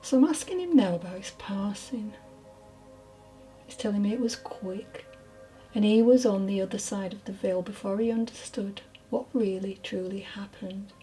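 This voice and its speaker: A woman giving a channelled mediumship reading, hesitant and apologetic, often dropping into soft whispered asides. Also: medium pitch, moderate pace, faint music behind, rough recording. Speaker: spiritual medium.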